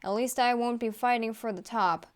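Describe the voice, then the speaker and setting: Woman doing a grumbling male ogre, smooth voice, read-aloud story. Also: fairly high pitch, steady tone, normal speed, close to an everyday voice. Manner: read aloud in near-natural voice. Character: male ogre, gruff and self-pitying.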